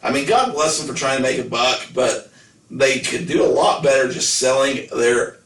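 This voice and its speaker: A man co-hosting a podcast in easy, rambling chat, full of jokes and asides. His voice sits at an ordinary pitch. The mic is a little distant and the room gives a noticeable echo. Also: moderate pace, fairly bright tone. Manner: rambling, joking storyteller. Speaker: podcast co-host. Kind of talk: casual chat.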